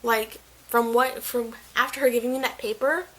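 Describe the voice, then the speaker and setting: A woman's voice: fairly high pitch, fairly even intonation, moderate pace, bright, forceful tone, low-quality recording. A young woman venting in a casual vlog, retelling a story in a chatty, frustrated way and filling it with "like" and quoted lines. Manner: chatty, heavy use of "like", quotes others mid-story. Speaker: vlogger.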